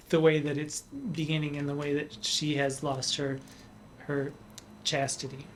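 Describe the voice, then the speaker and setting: A man performing in drag hosts a literary podcast. He discusses poems with cheeky, playful asides and slows down to savor key words. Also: on the high side.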